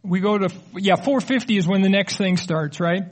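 High-voiced man teaching a sermon. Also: normal speed. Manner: conversational, explanatory, joking asides. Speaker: preacher. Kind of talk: teaching sermon with audience questions.

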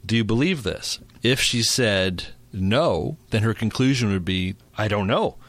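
Low-voiced man leading a theology talk. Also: a little slow, a bit bright, no echo. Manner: argumentative, poses questions to his co-host. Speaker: co-host. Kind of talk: theological discussion.

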